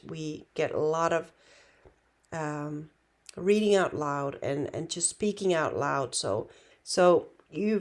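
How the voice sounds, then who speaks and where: A woman whose first language is Finnish teaches a relaxed online language lesson with a fairly low voice. She is unhurried and reassuring, using many fillers and restarts.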